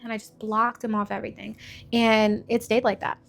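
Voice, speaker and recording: A woman's voice: a little high, level tone, fairly quick, gravelly, a bit bright, soft background music. A young woman telling her faith testimony in a candid, conversational way, blunt and full of filler words.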